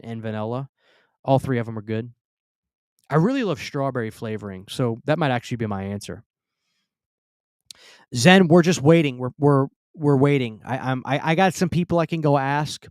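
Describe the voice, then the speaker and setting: A man's voice: mid-range voice, dry recording, clean studio sound. A man from the Southern US hosting a casual live Q&A stream, reading viewer comments and stammering through restarts. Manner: chatty, stammers, reads viewer comments aloud. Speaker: livestream host. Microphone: close studio mic.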